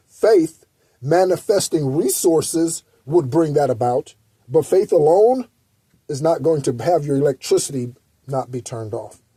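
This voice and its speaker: A man's voice: medium pitch, mellow, husky, no room sound. A man hosting a spiritual guidance channel, giving a blunt, preachy, profane motivational talk. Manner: blunt, preachy, heavy swearing.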